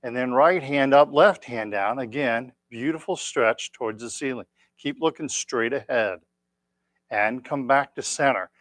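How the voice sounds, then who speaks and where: A man leading a tai chi class, giving calm, encouraging step-by-step cues. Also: medium pitch, a little slow, dry recording. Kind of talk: guided exercise class.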